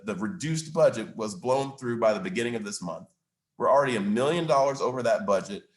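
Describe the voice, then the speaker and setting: Emphatic man in an echoey room. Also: medium pitch. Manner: emphatic, argumentative, stresses facts and figures. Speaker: mayor speaking at a chamber of commerce event. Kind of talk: public Q&A answer.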